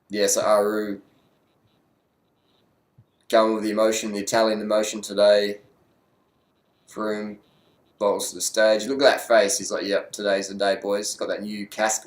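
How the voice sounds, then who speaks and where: A man giving casual, crude and excitable commentary over race highlights, joking freely as he goes. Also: echoey room. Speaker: cycling commentator.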